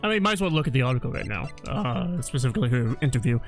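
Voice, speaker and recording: A man's voice: medium pitch, very animated, very fast, creaky, faint music behind. Young guy cohosting a let's play, laid back n teasing, voice bounces around. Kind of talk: casual gaming commentary.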